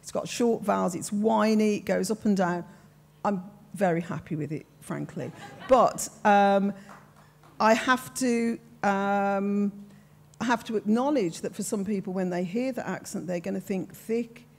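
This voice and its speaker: An older woman with a strong Brummie accent talks on a discussion panel, frank, emphatic and sure of herself. Her voice has a gravelly, husky edge. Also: medium pitch, a little slow. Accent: Birmingham. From Birmingham, England. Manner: frank, emphatic, self-assured.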